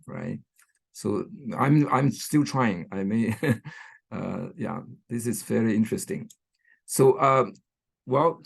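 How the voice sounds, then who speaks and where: A man with a gravelly, somewhat husky voice delivers an online lecture. He pauses on fillers and often checks in with his listeners, all at a middle pitch and over a plain computer microphone. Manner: frequent fillers and "right?" checks. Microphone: computer mic on a video call.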